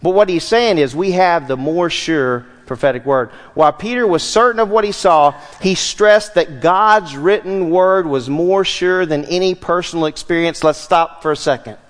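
A man preaching a verse-by-verse sermon as pastor, animated and asking the congregation questions. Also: a little high, moderate pace, few pauses. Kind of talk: expository sermon. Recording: long hall reverb.

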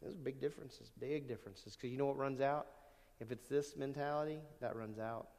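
A man preaching a sermon as pastor, animated, swinging between loud emphasis and quiet asides. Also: medium pitch, a little fast, vocal fry. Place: church sanctuary. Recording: long church hall reverb.

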